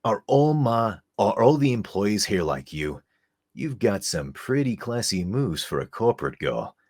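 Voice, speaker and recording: A man putting on a throaty, raspy young guy. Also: on the low side, sing-song, measured pace, a little mellow. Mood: cocky.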